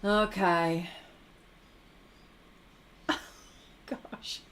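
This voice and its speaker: A woman's voice: fairly low pitch, steady tone, extremely slow, fairly bright tone. A middle-aged woman from New Zealand with a Kiwi accent, hosting an art livestream, chatting casually and laughing often while she reads viewer comments. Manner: giggly, laughs often between remarks.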